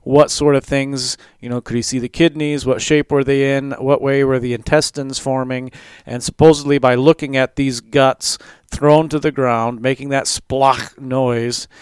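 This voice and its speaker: A man, a pastor, explaining a Bible passage in a relaxed talk with many fillers. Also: medium pitch, moderate pace, clear, resonant tone, no room sound.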